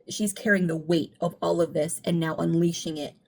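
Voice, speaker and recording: A woman talking through her reading of an album in a casual, earnest, reflective way, speeding up when she gets animated. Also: fairly low pitch, normal speed, gravelly. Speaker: music commentary YouTuber. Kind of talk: casual analytical commentary.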